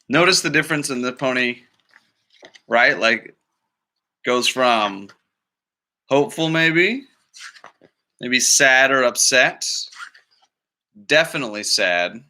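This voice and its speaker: Bright-voiced man reading to children. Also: medium pitch, expressive, takes it slowly, pauses often. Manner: chatty, asks listeners questions. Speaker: librarian. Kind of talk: picture-book read-aloud for children.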